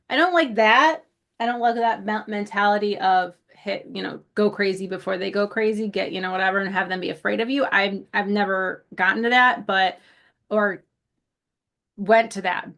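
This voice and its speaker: A South Buffalo, New York woman co-hosts a podcast, telling rambling stories in casual chat. Her mid-range voice is gravelly and a bit bright, and she laughs often and swears casually.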